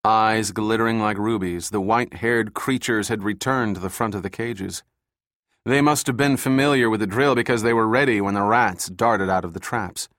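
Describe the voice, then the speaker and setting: A man's voice: lowish voice, no room sound. Male audiobook narrator, dry close sound. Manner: steady, measured reading.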